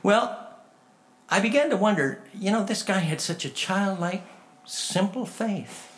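A man preaching a sermon in a folksy, animated storytelling way, acting out conversations as he tells them. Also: high-pitched, measured pace. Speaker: pastor.

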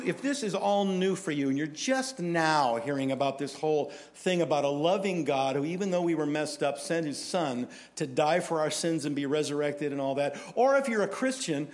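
A man with a fairly high voice delivers a sermon to his congregation. He speaks in a casual, storytelling way and keeps his delivery animated. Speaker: pastor.

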